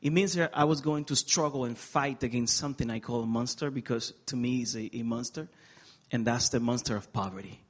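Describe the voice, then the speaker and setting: A man's voice: medium pitch, brisk. A middle-aged man from the Republic, telling his life story as an interview guest in an earnest, emotional way with touches of humor. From Dominican Republic. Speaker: guest speaker. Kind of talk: personal testimony interview.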